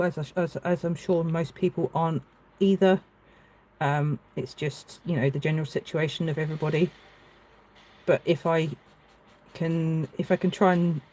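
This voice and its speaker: A woman with a lowish, darkish voice chats casually on a live stream while she paints, and the audio quality is poor. She is an adult with a child, hesitant and full of fillers and restarts, and at moments she becomes tearful.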